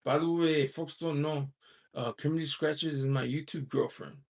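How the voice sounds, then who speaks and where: A man's voice: a little high, steady tone, moderate pace, gravelly. A man from the United States hosting a casual livestream, reading out viewer chat and rambling with lots of "you know" asides and frequent chuckles. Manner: chuckles often while talking.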